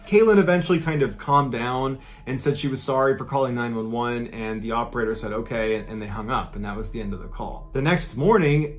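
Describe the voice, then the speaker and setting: A man with a mid-range voice tells a true story with dramatic emphasis. He slows down to build tension and lifts his voice to act out what people said. His delivery is steady and practiced. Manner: emphatic narration, acts out quoted speech with raised pitch. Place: played from an original video inside a reaction video.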